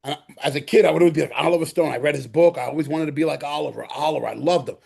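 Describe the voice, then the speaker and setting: A middle-aged man from the Bronx with a New York accent, a guest actor telling animated stories in an interview, acting out quotes and repeating himself. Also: on the high side, racing, gravelly, slightly rough. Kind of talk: storytelling interview.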